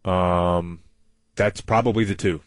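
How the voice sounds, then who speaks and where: Lowish guy chatting hoops on a podcast, laid back, dry mic. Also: a little slow, no echo. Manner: relaxed, thinking aloud with fillers. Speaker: co-host. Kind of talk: casual sports chat.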